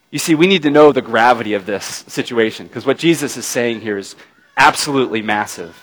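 A man's voice: mid-range voice, expressive, a little fast, a bit bright, low-quality recording. A man preaching a sermon, retelling a scripture scene dramatically, dropping his voice to a near-murmur at tender moments and asking his listeners questions along the way. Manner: addresses listeners with tag questions.

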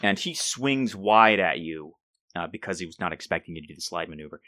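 A man with a low, expressive voice and a sharp tone runs a tabletop role-playing game as game master, narrating the action. He halts and restarts often while describing. The studio-quality recording has no room sound.

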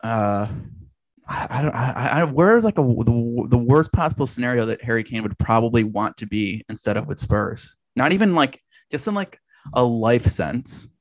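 A man's voice: medium pitch, expressive, moderate pace, no echo. Rambling man in casual football talk. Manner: rambling, restarts often, swears. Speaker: podcast co-host. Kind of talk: casual sports chat.

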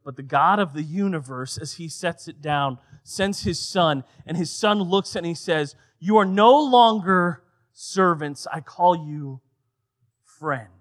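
A man in his thirties preaching a sermon with a fairly high voice. He talks with lively emphasis, then drops to soft, hushed passages. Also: measured pace. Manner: animated preaching, swings between loud emphasis and soft, quiet passages. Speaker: pastor.

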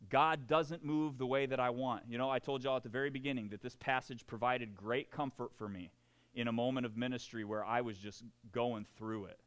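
A man's voice: medium pitch, steady tone, brisk, a bit bright, clear, resonant tone. A man preaching a sermon, acting out quoted voices and laughing at himself. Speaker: pastor.

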